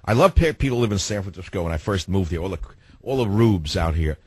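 A man's voice: sits low, animated, quick pace, husky, dry recording. A man hosting a talk radio show, sarcastic and wisecracking, from New York. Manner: sardonic, wisecracking.

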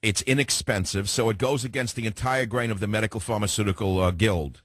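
A man's voice: fairly low pitch, fairly quick, dry recording. An opinionated male talk radio host with a mid-range voice who argues hard and cuts his callers off. The sound is dry and close, with no room around it. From San Francisco, USA.

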